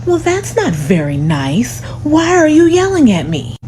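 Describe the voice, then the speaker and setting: A woman voicing a whiny, indignant man complaining in an airport line, in a high, petulant voice. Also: wildly swooping pitch, unhurried, darkish tone, full character voice. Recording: humming background noise.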